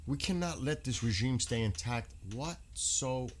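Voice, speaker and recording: Man, live news commentary, casual, indignant, rhetorical questions, mid-pitched voice. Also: normal speed.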